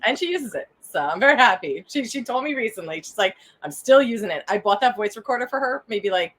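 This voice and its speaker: A woman's voice: on the high side, lively intonation, fast talker, a bit bright. A woman guest on a podcast, chatting casually and laughing often. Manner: giggly, chatty. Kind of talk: casual chat.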